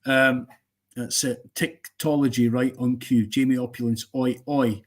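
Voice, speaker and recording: A man's voice: mid-range voice, flat delivery, measured pace. A man hosting a casual live stream, giving strong opinions in a rambling way and joking with viewers.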